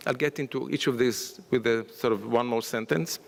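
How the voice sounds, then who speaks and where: A man's voice: mid-range voice, fairly even intonation, moderate pace, gravelly, few pauses. A man giving a conference panel talk, hesitant with many fillers and restarts, in a conference hall. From Israel. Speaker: panel speaker. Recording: long reverb of a large hall.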